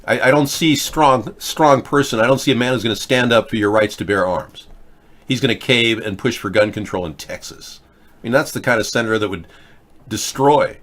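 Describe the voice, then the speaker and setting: A man's voice: mid-range voice, moderate pace, a bit bright. A man hosting a live political video chat show, talking bluntly and rambling, restarting his words and answering viewers in the chat. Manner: replies to chat viewers, mocks them. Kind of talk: casual live-stream talk.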